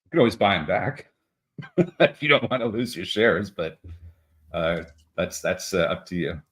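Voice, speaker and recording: Very deep-voiced man, rambling trading chat. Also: expressive, moderate pace, a bit bright. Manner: rambling, many fillers, self-deprecating jokes. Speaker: co-host of a live trading stream. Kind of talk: casual market commentary.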